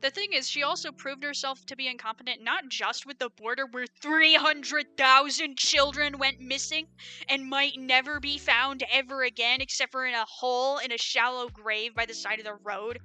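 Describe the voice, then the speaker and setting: A woman's voice: high voice, steady tone, normal speed, pushed and bright, clear, resonant tone, faint music behind. A young American woman with an American accent, giving an opinionated, rambling livestream rant full of fillers. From United States. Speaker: streamer.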